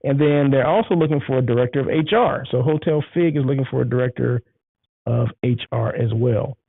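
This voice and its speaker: Male solo host, rambling and upbeat, gravelly edge, thin phone-like sound. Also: medium pitch, fairly quick, no room sound. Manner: enthusiastic, rambling, repeats himself. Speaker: show host. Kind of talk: casual solo show chat.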